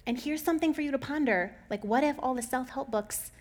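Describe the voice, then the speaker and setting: A woman's voice: high voice, brisk. A woman in her thirties giving casual advice, talking conversationally, laughing often and acting out little quoted lines.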